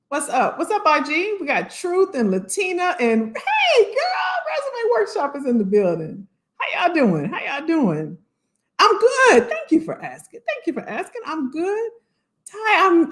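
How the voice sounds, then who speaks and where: A woman hosting a casual livestream, upbeat and chatty, greeting viewers by name and talking straight to the commenters. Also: on the high side. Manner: talks to unseen commenters. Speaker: livestream host, career coach.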